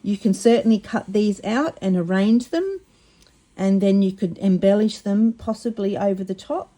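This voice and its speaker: Woman, mellow voice, chatty and excitable, trips over words, crafting at home. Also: medium pitch, moderate pace. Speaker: craft vlogger. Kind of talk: casual craft demonstration.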